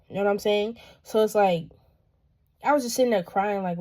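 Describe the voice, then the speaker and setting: A woman's voice: medium pitch, fairly even intonation, moderate pace, darkish tone. Earnest young woman sharing her faith. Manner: earnest, emotional, talks in loose run-on sentences. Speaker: vlogger. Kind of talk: casual faith vlog.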